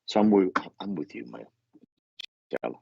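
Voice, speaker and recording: A man working as a medium during a live reading, relaying messages in halting bursts and often repeating words as he goes. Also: fairly low pitch, sing-song, creaky, breathy edge, highs cut off.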